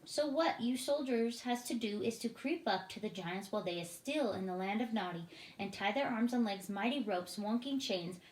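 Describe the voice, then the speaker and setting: A woman's voice: fairly high pitch, expressive, moderate pace, close to an everyday voice. A woman voicing a kind male giant in a read-aloud storybook, speaking with jumbled grammar and made-up words. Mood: eager. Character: big friendly male giant, gentle, mangles his words. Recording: roomy echoing room.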